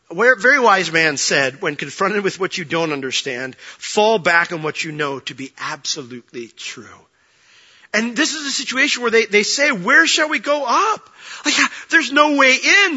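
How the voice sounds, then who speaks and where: A man preaching a sermon, his voice set high and very bright with a sharp edge. He is openly emotional, swinging from raised passionate lines to hushed, reflective ones. The recording sounds a little dull and lo-fi. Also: husky. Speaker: pastor.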